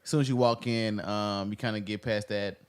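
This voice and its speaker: A man with a low-pitched voice co-hosts a podcast in relaxed conversation. He tells stories with gusto, repeating words for emphasis and acting out what people said. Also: fairly quick, smooth. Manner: animated storyteller, acts out quotes, repeats words. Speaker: podcast co-host. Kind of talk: casual chat.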